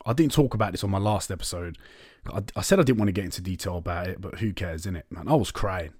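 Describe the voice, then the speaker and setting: A man's voice: low voice, fast talker, darkish tone, breathy edge, dry recording. A young man hosting a podcast, telling a personal story in a candid, chatty way. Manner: candid and chatty, swears and says "innit, man". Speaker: podcast host. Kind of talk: casual storytelling monologue.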